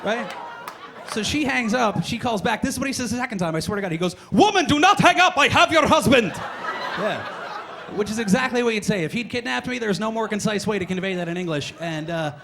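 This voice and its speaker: A young male comedian on a club stage, racing through his stand-up set. His voice sits high for a man, and he talks in quick, rambling bursts broken up by exasperated asides. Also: creaky, noisy background.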